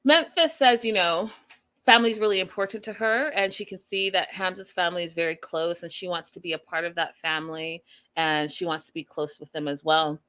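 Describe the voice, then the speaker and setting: A woman hosting a live show recap, giving her opinions in an animated way and talking to the live chat. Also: lowish voice, a little fast. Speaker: host.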